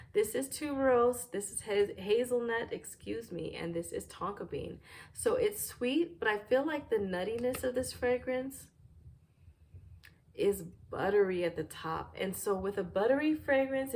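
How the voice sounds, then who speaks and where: A woman reviewing fragrances in a casual, thoughtful way, often pausing with "um" while searching for words, at home near a fireplace. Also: medium pitch, a little hiss or hum.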